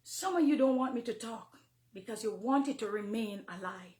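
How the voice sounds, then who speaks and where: A middle-aged woman with a Jamaican accent, a minister giving an emotional, confessional testimony from the pulpit, moving between hushed and fervent. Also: a little high, moderate pace, echoey room. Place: church, near the pulpit.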